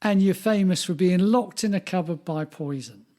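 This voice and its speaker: A man chats on a podcast with a high voice for a man. He teases his co-host and laughs easily. The talk is loose and conversational. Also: dark tone. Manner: chatty, teasing, quick to laugh. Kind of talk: casual chat.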